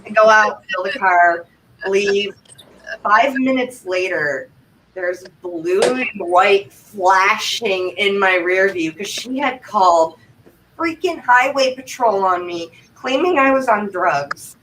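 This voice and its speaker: A woman's voice: medium pitch, animated, slow, a bit bright. Chatty woman from Vermont, distant mic. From Vermont, United States. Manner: chatty, rambling, breathless anecdotes with quoted asides. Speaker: guest. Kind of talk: casual chat, animated storytelling. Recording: distant mic, faint background noise.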